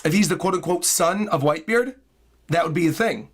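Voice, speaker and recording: A man streaming live in casual chat, hoarse with a worn-out voice, excitable and prone to bursts of loud hyped yelling. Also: fairly high pitch, fairly quick. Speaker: streamer reacting to a comic chapter.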